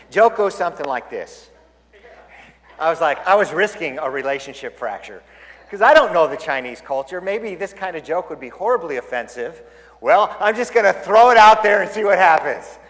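A male pastor giving a storytelling sermon, jokey and animated, acting out the scenes. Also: a little high. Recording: long hall reverb.

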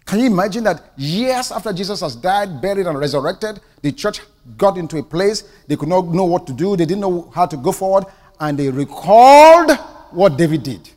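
A man with a Nigerian accent preaching a sermon with passion, dropping to hushed asides and rising to ringing declarations. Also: high voice, expressive, normal speed. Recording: long hall reverb.

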